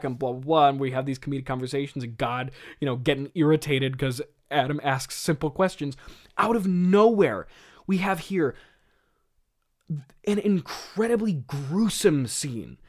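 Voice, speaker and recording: A man's voice: fairly high pitch, expressive, normal speed. A man hosting a podcast, talking in a rambling, laughing way full of fillers. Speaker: podcast host. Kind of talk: casual comedic commentary.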